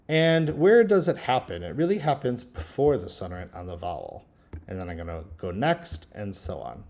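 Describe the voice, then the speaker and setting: A man teaching linguistics, talking through a screen-recorded software tutorial in a relaxed, thinking-aloud way with frequent ums. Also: mid-range voice. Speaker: linguistics instructor.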